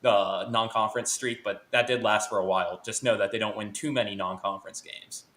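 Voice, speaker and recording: A man's voice: lowish voice, fairly even intonation, brisk, fairly bright tone. A man guesting on a podcast, previewing a college football game and reeling off stats and records, correcting himself as he goes. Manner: stat-heavy, self-correcting. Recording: roomy echo.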